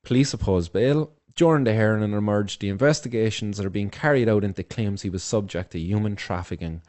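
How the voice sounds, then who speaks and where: A man's voice: lowish voice, fairly quick, darkish tone. Tearful Irish man, swearing passionately. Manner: impassioned, heavy swearing. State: tearful with a blocked nose. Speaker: host of a home news show. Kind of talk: emotional news vlog.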